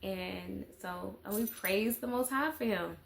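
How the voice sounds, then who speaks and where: A woman's voice: medium pitch, a little slow, vocal fry, a little hiss or hum. A woman, chatting casually and rambling in a life-update vlog, with lots of fillers. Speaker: mother and vlogger.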